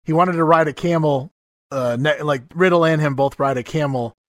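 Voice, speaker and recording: A man's voice: fairly high pitch, moderate pace, no room sound. A man hosting a podcast, chatting casually and laughing along. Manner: amused, laughing, easygoing interjections. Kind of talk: casual chat.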